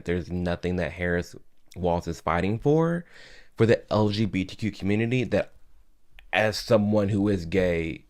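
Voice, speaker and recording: A man with a fairly low voice delivers opinionated commentary to camera. He talks emphatically and sounds exasperated, stumbling and restarting as he pushes his point. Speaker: political commentary vlogger.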